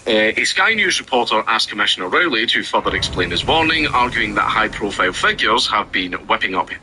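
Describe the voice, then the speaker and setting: Sarcastic man with a bright voice. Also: lowish voice, very animated, a little fast, a little hiss or hum, low-quality recording. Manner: sarcastic, reads news aloud then rants. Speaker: commentator. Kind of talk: ranting commentary over gameplay.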